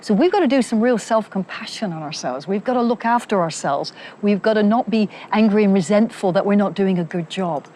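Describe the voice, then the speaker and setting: A woman psychologist calmly explaining ideas in an interview. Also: medium pitch, a little fast, slight background noise. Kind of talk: interview answer.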